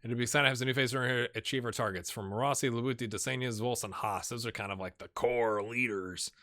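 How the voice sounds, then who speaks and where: A man's voice: mid-range voice, steady tone, fast talker, bright, forceful tone. A man hosting a gaming channel, giving casual gameplay commentary, chatty and muttering asides to himself.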